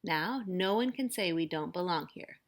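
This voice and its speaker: A woman's voice: lowish voice, expressive, moderate pace. A woman voicing a happy mother in a storybook read-aloud, heartfelt and light. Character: delighted mother, hopeful nursery owner.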